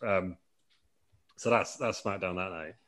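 A man with a low voice rambles through a made-up tale in casual podcast chat. He laughs often and stumbles over fillers. His tone is loose and playful. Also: unhurried, fairly bright tone. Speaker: podcast host.

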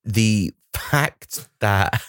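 A man's voice: fairly low pitch, drawn-out words, a bit bright, smooth, dry recording, clean studio sound. A man co-hosting a podcast in casual comedic chat, wry and rambling with sarcasm. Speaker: podcast co-host.

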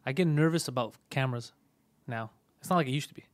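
A man hosting a comedy podcast, telling stories in a fast, profane, animated way. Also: mid-range voice, no echo. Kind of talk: casual storytelling chat.

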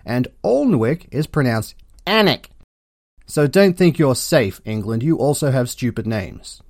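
Deadpan, sarcastic Australian man. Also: mid-range voice, no room sound, clean studio sound. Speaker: podcast host. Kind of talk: comedic history monologue.

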